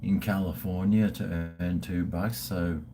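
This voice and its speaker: Slow-talking crude Australian man in his fifties. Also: sits low, fairly even intonation, over music. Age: 50s. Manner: crude, joking, swearing; drinking and toasting viewers. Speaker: livestream host. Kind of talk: casual live-stream chat.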